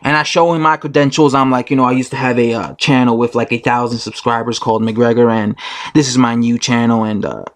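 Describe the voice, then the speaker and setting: A man who makes boxing videos, telling a story to his camera as a casual, indignant rant full of repetition. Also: medium pitch. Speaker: YouTube boxing commentator.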